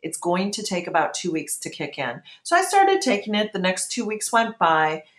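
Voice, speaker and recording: A woman's voice: on the low side, big pitch swings, moderate pace, a bit bright, echoey room. A woman in her thirties telling her own story in an interview, candid and emotional, often acting out what she thought at the time. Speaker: guest.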